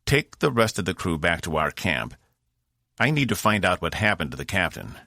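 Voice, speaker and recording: A man's voice: low voice, very animated, moderate pace, pushed and bright, dry recording, clean studio sound, full character voice. A man voicing a tired, firm male crew leader in an audiobook. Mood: commanding. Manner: curt, commanding. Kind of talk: audiobook narration.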